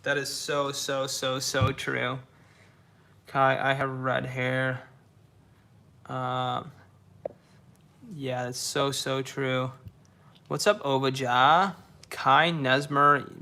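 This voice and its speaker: A man's voice: mid-range voice, vocal fry, bright, forceful tone. A young man casually chatting on a live stream, reading viewers' messages aloud, laid-back and slangy, often repeating his own phrases. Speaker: livestreamer reading chat. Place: dark room indoors.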